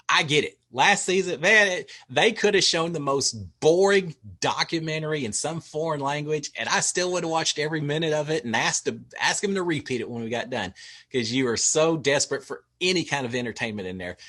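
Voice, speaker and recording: A man's voice: mid-range voice, expressive, fairly quick, pushed and bright. Chatty Texan man recapping. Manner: chatty, wry asides, frequent filler uhs. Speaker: show recap host. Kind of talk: casual recap commentary.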